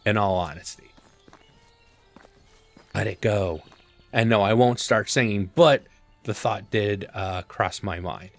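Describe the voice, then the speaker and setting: A man casually commenting on his gameplay, thinking aloud with relaxed fillers. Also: fairly low pitch. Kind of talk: casual let's-play commentary.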